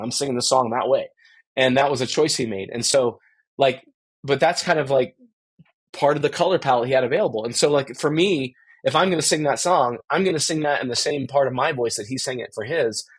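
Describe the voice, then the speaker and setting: A man's voice: mid-range voice, husky. A middle-aged man, a musician as guest, giving long rambling, reflective answers full of fillers and restarts. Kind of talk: conversational interview answer.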